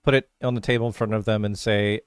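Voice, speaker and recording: A man's voice: on the low side, steady tone, fast talker, smooth, dry recording, studio quality. A man playing a tabletop game, describing his character's actions in a chatty way. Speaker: player.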